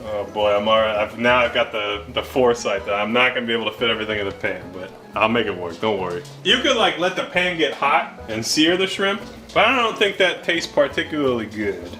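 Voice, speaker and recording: A man hosting a casual cooking vlog in his home kitchen, with goofy, deadpan wordplay. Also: medium pitch, fairly quick. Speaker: cooking show host. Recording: music playing underneath.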